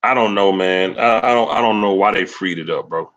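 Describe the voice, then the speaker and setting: A man hosting a sports livestream, ranting angrily and cursing, swinging between loud rants and low mutters. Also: fairly quick, muffled recording. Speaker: sports channel host. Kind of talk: profane livestream sports rant.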